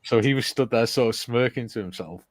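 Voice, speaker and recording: A man's voice: medium pitch, brisk. A man, hosting a casual model-building chat and telling a rambling anecdote, laughing often as he goes. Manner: laughs often while storytelling, rambling with restarts.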